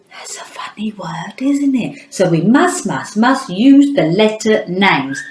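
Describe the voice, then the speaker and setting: A woman teaching phonics to young children, her voice swinging high and low in a bouncy, sing-song way. She talks slowly and clearly, as if to little ones at home. The sound carries a roomy echo.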